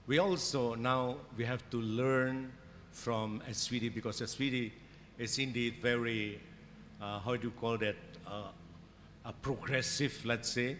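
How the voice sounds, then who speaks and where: A man with an Indonesian accent delivers an academic lecture, halting and full of fillers and restarts. He speaks at an unhurried, deliberate pace. The voice carries a long hall reverb over faint background ambience. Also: mid-range voice, fairly even intonation, fairly bright tone, slight background noise. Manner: hesitant, many fillers and restarts. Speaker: conference keynote speaker. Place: conference hall.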